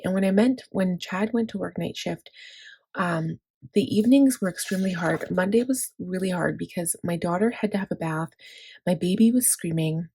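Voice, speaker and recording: A tired woman in her thirties chats casually as a planner vlogger, wandering from thought to thought with plenty of fillers and restarts. Her voice is low, gravelly and husky, with a mellow tone. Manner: rambling, with many fillers and restarts. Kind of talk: casual chat.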